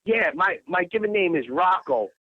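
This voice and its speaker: A man's voice: sits high, expressive, moderate pace, slight background noise. Profane rambling man, lo-fi podcast audio. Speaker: guest, bar owner. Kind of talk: casual phone-in chat. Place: Bangkok, Thailand.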